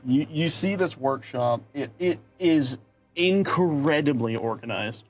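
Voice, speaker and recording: A man's voice: a little high, lively intonation, slow pace, faint music behind. A young man running a tabletop game as game master, narrating casually with fillers and restarts.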